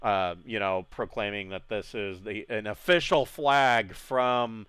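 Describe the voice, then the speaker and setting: A male game master narrates a tabletop session in a loose, rambling way, often breaking into laughter. His voice is smooth and clear, and it sounds dry, with no room around it. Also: lowish voice, a little slow, a bit bright, no room sound.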